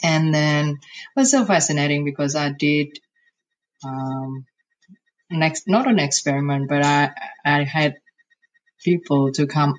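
Chill reflective podcast guest, mid pitch, lots of restarts, earnest. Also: unhurried, long pauses, poor audio. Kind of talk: casual conversation.

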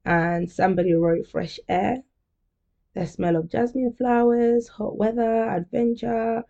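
A woman's voice: a little high, fairly even intonation, measured pace, gravelly, mellow, dull audio. A young woman hosting a podcast, talking candidly and chattily in a casual monologue, often laughing. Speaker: podcast host.

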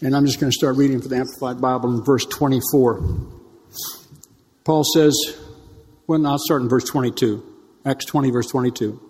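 A man's voice: medium pitch, fairly even intonation, moderate pace, a little mellow, big-room sound. A man preaching a sermon in a church, talking conversationally with teasing asides and stretching key words for emphasis. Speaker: pastor.

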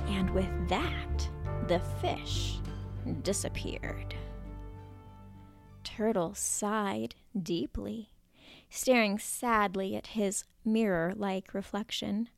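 A woman narrating a children's story in a playful, expressive way, at times dropping to a whisper. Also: mid-range voice, slow pace, creaky, soft background music.

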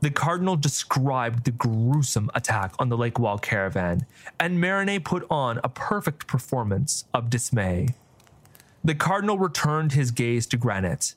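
A man reading a fantasy story as narrator in a theatrical, expressive way. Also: mid-range voice, normal speed.

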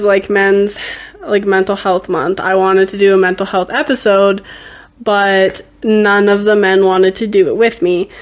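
A woman hosting a podcast in casual chat, hesitant and giggly with many ums. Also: mid-range voice. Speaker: podcast host.

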